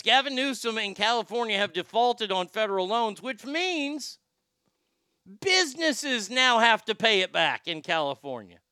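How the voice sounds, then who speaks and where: A man's voice: high voice, bright, forceful tone, clear, resonant tone, dry recording, clean studio sound. A man hosting a show with sarcastic, profane ranting commentary and frequent stammered restarts. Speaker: podcast host.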